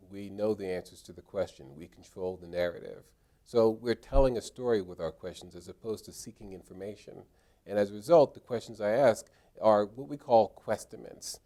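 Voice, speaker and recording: A middle-aged man teaching trial lawyers, explaining questioning techniques in a measured way. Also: on the low side, dark tone. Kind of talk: instructional talk.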